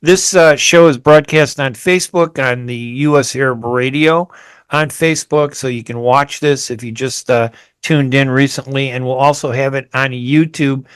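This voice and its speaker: A man hosting a radio interview show, chatty and brisk as he wraps up. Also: mid-range voice, steady tone, clear, resonant tone, no echo. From United States. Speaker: radio host.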